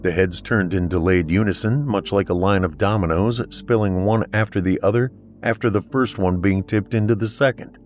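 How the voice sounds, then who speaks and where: Deep-voiced male story narrator. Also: steady tone, moderate pace, hardly any pauses. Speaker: podcast storyteller. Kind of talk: scripted narration of a horror story.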